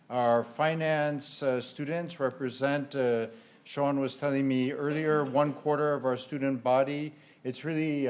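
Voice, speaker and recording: A university president giving a formal welcome speech at a college event, with frequent uhs. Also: male voice, medium pitch. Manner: warm formal welcome, uh-filled.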